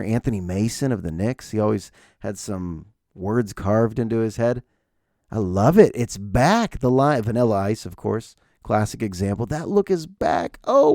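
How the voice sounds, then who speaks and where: A man in his forties hosts a solo podcast, spinning everyday stories with sarcasm and acting out the people in them. His pitch leaps up and down as he tells them. His tone is mellow, and the sound is dry and close. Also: vocal fry, dry recording. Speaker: podcast host. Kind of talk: casual solo storytelling.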